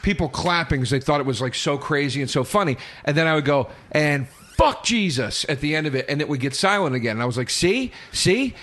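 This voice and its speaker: A man's voice: fairly high pitch, racing, few pauses, fairly bright tone. Rambling male comedian telling a story. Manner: rambling, repeats and restarts, profane. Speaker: stand-up comedian guest. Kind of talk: casual storytelling chat.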